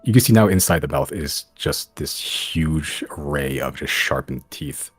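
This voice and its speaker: Very deep-voiced husky game master. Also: male voice, expressive, no room sound, faint music behind. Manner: halting, filler-heavy descriptive narration. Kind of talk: narrating a tabletop game.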